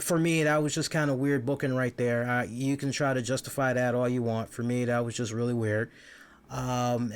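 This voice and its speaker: On a wrestling review show, this male host gives casual, animated commentary in a medium-pitched voice. He swears freely and often repeats words when he begins a thought.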